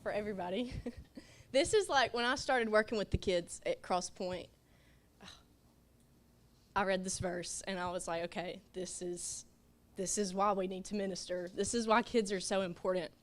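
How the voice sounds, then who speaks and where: A woman giving an earnest, emotional testimony in a church class, tearful and sniffling into a microphone. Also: medium pitch. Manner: emotional, earnest, halting with little laughs. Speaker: children's ministry volunteer.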